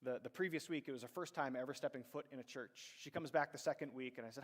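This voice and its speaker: A man's voice: mid-range voice, fast, few pauses, in a large hall. A man preaching a sermon in a conversational storytelling manner, acting out the voices of people in his stories. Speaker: pastor. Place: church sanctuary.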